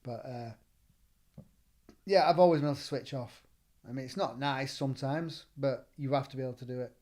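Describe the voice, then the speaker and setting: A middle-aged man with a Northern English accent, telling stories in a relaxed chat as a gym owner and trainer, acting out the lines he quotes. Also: medium pitch, brisk. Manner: animated, acts out quoted dialogue. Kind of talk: casual storytelling.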